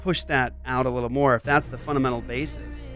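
A man hosting a show, commenting emphatically on a played interview clip, with wide swings in pitch and loudness. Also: steady tone, brisk, faint music behind. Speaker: podcast host.

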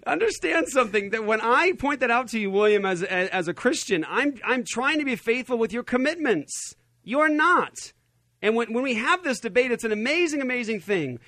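A man hosting a radio talk show in a studio, arguing in an animated, emphatic way. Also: very high voice, moderate pace, no echo. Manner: animated, emphatic, laughs often. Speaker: radio host.

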